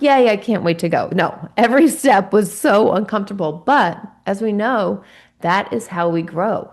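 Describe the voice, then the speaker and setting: Earnest low-voiced woman podcast host. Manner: earnest, confiding, with many restarts. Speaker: Christian trauma-informed coach. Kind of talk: personal faith-based podcast monologue.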